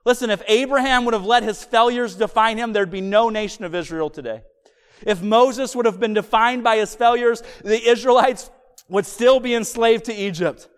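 A man preaching a sermon, telling the story vividly and slowing down to stress his main points. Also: high voice, clear, resonant tone. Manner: animated storytelling, emphatic, slows for key points. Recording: long hall reverb.

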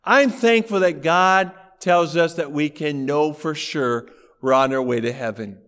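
Guy pastor preaching, fairly high voice, chatty storytelling, big echoey hall. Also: a little slow, fairly bright tone, smooth. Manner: conversational, telling anecdotes from the pulpit. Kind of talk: sermon. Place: church auditorium.

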